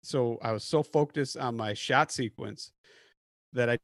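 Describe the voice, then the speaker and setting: Man, podcast host, animated storyteller, mid pitch, dry sound. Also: measured pace, no echo. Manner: animated storyteller acting out quotes. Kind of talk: casual chat, hunting story.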